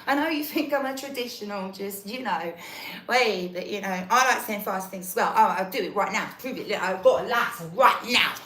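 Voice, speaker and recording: A woman's voice: medium pitch, normal speed, a bit bright. Rambling, swearing woman, echoey. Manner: restless, swearing, jumps between topics. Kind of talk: rambling monologue. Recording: echoey room from far off.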